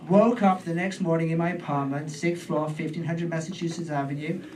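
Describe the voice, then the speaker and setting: A man's voice: a little high, fairly even intonation, a little fast, a little mellow, distant mic, poor audio. A British man doing storytelling stand-up on a club stage, rambling and self-deprecating with trailing asides. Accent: British English. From Britain. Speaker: stand-up comedian.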